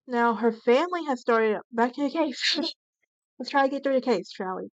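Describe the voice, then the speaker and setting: A woman's voice: fairly high pitch, lively intonation, moderate pace, no room sound. A woman hosting a true crime channel, narrating a case from her notes with frequent restarts and self-corrections. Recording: dull lo-fi, dry recording.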